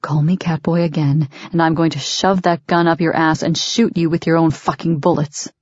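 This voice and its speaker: A woman's voice: fairly low pitch, normal speed, darkish tone, no room sound, highs cut off, lightly acted. A woman voicing a furious male hero who growls and snarls threats, in an audiobook. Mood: snarling. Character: feral, furious male hero barely restraining rage.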